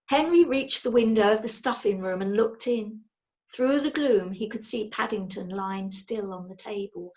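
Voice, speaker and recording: Expressive woman reading a storybook. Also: medium pitch. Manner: lively, expressive. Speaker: storybook reader. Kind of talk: reading a children's book aloud.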